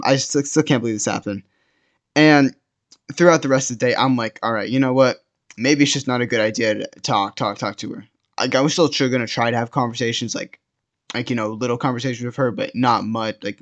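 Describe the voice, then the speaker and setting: A young man casually narrating a personal story in first person, rambling and restarting his sentences often. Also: medium pitch. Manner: rambling, many restarts and repeated words. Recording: dull lo-fi sound.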